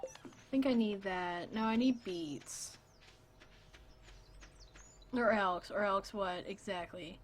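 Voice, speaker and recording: A woman streamer chatting casually while playing, joking and quick to laugh. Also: medium pitch, a little hiss or hum.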